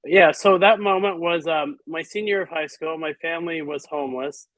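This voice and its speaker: A man's voice: on the high side, normal speed, a bit bright, dry recording, low-quality recording. A man speaking as a guest in an interview, earnest and reflective, with some hesitations. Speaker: guest author and physician. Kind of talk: interview conversation.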